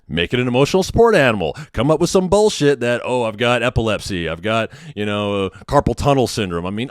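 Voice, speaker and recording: Man, 30s, podcast host, profane sardonic rant, mid-pitched voice, dry close mic. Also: no room sound. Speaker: podcast host, hospital worker. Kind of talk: ranting monologue.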